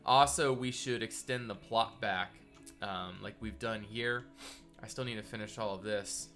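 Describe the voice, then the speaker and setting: A man's voice: fairly low pitch, a little slow, a bit bright, faint music behind. A man live-streaming a building session, chatting casually with viewers and greeting them by name, his voice nasal and congested from a cold.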